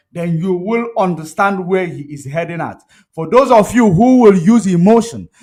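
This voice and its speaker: A man giving an impassioned commentary monologue, emphatic and repetitive, full of rhetorical questions. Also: high-pitched. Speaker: commentary vlogger.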